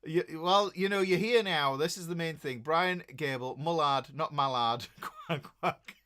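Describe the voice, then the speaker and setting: A middle-aged man from Yorkshire, hosting a casual guitar stream, talks at a measured pace in a sharp, high-leaning voice. He chats and rambles with plenty of jokes, welcoming viewers by name.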